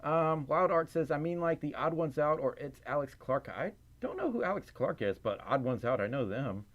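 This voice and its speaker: Chatty male streamer, slightly high and very animated pitch, giggles often, rambles through viewer chat. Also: normal speed, highs cut off. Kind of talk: casual livestream chat. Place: indoors at home, in a fursuit.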